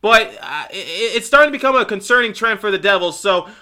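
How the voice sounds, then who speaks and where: A man's voice: high-pitched, lively intonation, a little fast, pushed and bright. A man hosting a solo hockey podcast, ranting in exasperation and lecturing the team directly. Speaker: sports podcast host. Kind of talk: solo hockey commentary rant.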